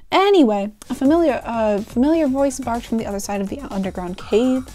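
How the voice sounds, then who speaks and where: A woman's voice: mid-range voice, dark tone. A young woman casually reading aloud a story she wrote, stumbling over lines and adding amused side comments. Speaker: artist reading her old story aloud.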